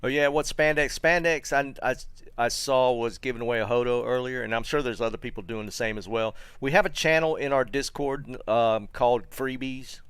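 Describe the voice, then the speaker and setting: A man's voice: medium pitch, clear, resonant tone, no echo. Chatty man streaming to chat. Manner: relaxed, chatty, halting with many fillers and restarts. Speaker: streamer host. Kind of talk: casual live-stream chat.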